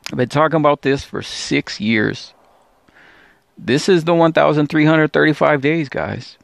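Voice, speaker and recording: Gravelly, pleading man. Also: a little high, measured pace, no echo. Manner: pleading, repetitive, stammering restarts. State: discouraged. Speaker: Bible teacher and channel host. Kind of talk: emotional religious vlog monologue.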